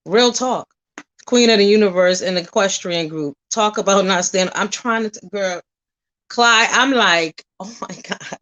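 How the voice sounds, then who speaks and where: A woman vlogger ranting at the camera in a blunt, profane way, firing off rhetorical questions and telling animated stories. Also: medium pitch, a little slow, low-quality recording. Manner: animated storytelling, drifting between loud and soft. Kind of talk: casual straight-to-camera rant.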